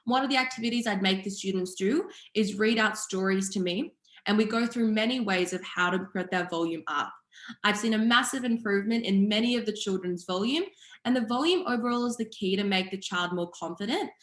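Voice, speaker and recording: A young woman teaching public speaking online, explaining each skill in a clear, steady way. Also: mid-range voice, a little fast. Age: young adult. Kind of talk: online seminar presentation. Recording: echoey room.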